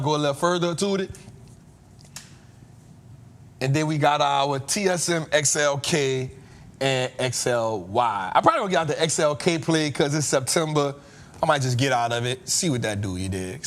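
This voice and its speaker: A man's voice: a little high, a bit bright. A man hosting a trading show, telling a story in a casual, slangy way and laughing often.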